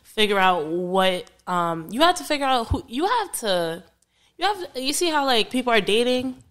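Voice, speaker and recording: Bright-voiced young woman chatting on a podcast. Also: on the high side, very animated, normal speed. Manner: rambling, restarts often, laughs a lot. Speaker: podcast guest. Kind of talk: casual podcast chat.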